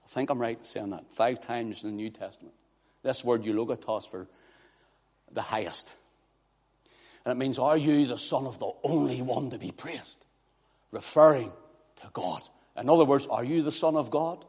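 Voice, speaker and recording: A man preaching a sermon, swinging from hushed, quiet passages to loud, impassioned declarations. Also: mid-range voice, moderate pace, long pauses. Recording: long hall reverb.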